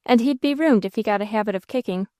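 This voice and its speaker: A woman's voice: fairly high pitch, fast, a little mellow, dry recording, clean studio sound, lightly acted. A woman reading an audiobook voices a frightened young girl who pleads earnestly. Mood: pleading.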